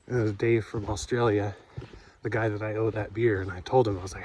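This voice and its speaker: A man's voice: lowish voice, flat delivery, quick pace, darkish tone. Rambling male hiker on a noisy trail. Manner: rambling storytelling with many fillers and acted-out quotes. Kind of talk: casual spoken trail diary. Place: outdoors on a forest trail. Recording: noisy outdoor camera audio.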